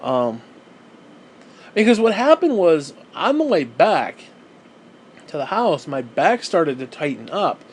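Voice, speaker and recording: A man's voice: a little high, very animated, slow pace, pauses often, husky. A man talking casually to camera in a vlog, rambling and self-deprecating, swearing often and restarting his sentences. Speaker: vlogger.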